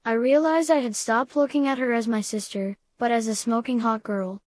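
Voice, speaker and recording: A woman narrating a first-person story in a steady, even reading voice. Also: a little high, normal speed. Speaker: audiobook reader.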